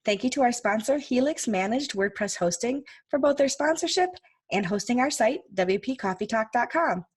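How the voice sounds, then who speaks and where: A woman's voice: fairly high pitch, expressive, normal speed, husky, dry recording, studio quality. A woman from Rochester, New York with a Rochester accent, hosting a casual interview podcast and laughing often. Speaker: podcast host.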